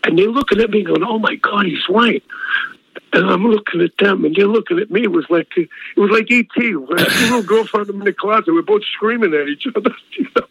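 A man's voice: high-pitched, quick pace, slightly rough, dry recording. An older man, a singer telling stories in an interview, acting out the dialogue and chuckling as he goes. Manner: animated storyteller acting out quoted dialogue, chuckling often. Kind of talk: storytelling interview. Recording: slightly dull dry radio audio.

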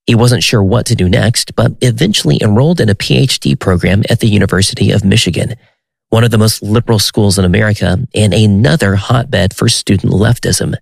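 A man narrating a documentary in a measured, slightly wry scripted delivery. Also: fairly low pitch, gravelly, dry recording.

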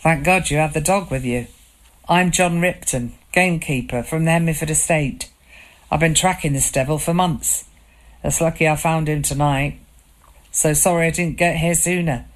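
Steady older gamekeeper guy, woman reading him, low voice, brisk and calm. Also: close to an everyday voice. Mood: reassuring.

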